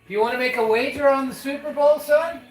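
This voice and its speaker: Chatty folksy dad in an echoey room. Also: male voice, extremely high pitch, fast talker. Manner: folksy, calls the listener son, chatty about betting odds. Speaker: host, father on a live stream. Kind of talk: casual live-stream chat. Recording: echoey room with loud music.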